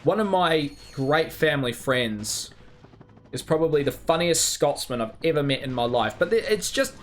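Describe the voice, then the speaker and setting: Man, New Zealand accent, game streamer; animated, bouncy delivery, rambling crude banter. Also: a little high, normal speed. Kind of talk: casual livestream chat.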